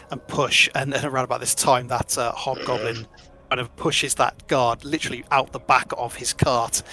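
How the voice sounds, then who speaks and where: A man runs a tabletop game as game master, narrating scenes in a relaxed, descriptive way that often restarts mid-sentence. His voice is bright and sits at a middle pitch.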